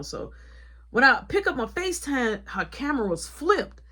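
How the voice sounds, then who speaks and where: A young woman store manager telling a story in an animated, colloquial way. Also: on the high side, moderate pace, slightly rough. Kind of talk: casual storytime vlog.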